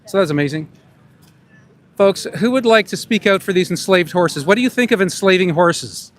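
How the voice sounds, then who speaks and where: A man's voice: high voice, expressive, moderate pace. A man interviewing passersby on a city street for his vlog, calling out the same question again and again. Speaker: street interviewer and animal rights activist. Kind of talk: street vox-pop vlog. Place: outdoors on a busy city street by a park.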